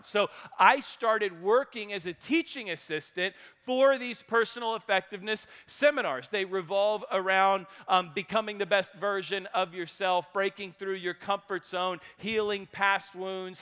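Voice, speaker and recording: Animated storytelling preacher, high bright voice. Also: male voice, clear, resonant tone, big-room sound. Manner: animated, swings from loud to hushed. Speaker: speaker. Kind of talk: storytelling sermon.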